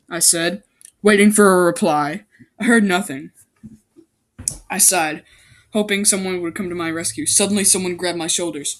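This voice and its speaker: A woman's voice: lowish voice, steady tone, moderate pace, pauses often, background noise. A woman casually reading a fan story aloud, often breaking off to joke, comment and correct her own mistakes. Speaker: amateur story reader.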